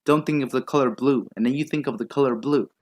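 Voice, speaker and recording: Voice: medium pitch, fast, darkish tone. Young guy ranting back at clips, sarcastic and sweary, mid-range voice, just talking into a mic at home. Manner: mocking, sarcastic and profane. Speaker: commentator reacting to clips. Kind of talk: reaction commentary.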